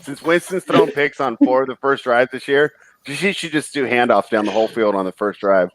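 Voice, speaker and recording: A man from Northern California hosting a casual sports betting chat, easygoing and quick to laugh. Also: medium pitch, fairly bright tone. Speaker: sports betting show host. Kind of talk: casual live game chat.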